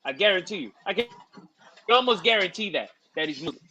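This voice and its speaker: A man co-hosting a casual fight preview chat, playful and slowly sounding out names. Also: high-pitched, expressive, bright, forceful tone, slight background noise, rough recording. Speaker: co-host.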